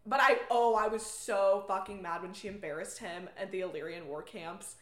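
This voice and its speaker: A woman hosting a podcast in an excitable casual chat, swearing freely and acting out what others say. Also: medium pitch, normal speed, roomy sound. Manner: excitable, swears, acts out quotes of characters. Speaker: podcast host. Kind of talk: casual chat about books.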